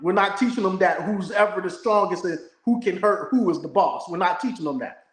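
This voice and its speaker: A man hosting a casual chat, asking questions in a joking, animated way. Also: high-pitched, a little fast. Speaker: host. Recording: roomy echo.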